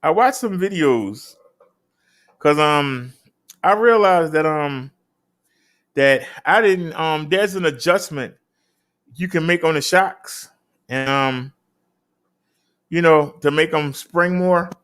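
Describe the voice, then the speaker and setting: A man's voice: slow pace, long pauses, fairly bright tone. A man hosting a casual show, reading out daily figures and chatting. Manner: emphatic, swoops up high on key numbers. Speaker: host.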